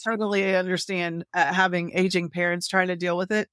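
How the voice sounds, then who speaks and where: A woman hosting a podcast in casual conversation, speaking in a reflective, measured way. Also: on the low side, little pitch movement, a bit bright, clear, resonant tone, no room sound, clean studio sound. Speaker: podcast host.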